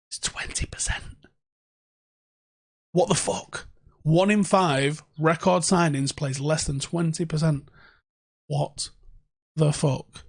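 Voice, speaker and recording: A young man rants through a casual livestream from his home. He swears freely and talks sarcastically. His voice sits a little higher than most men's. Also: no room sound, studio quality. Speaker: fan channel host.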